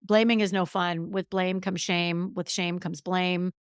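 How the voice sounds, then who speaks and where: A woman's voice: on the low side, fairly even intonation, a little slow, smooth, no room sound, clean studio sound. A middle-aged woman hosting a solo podcast, talking candidly and emphatically, with a self-deprecating streak. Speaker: podcast host. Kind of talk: casual solo podcast monologue.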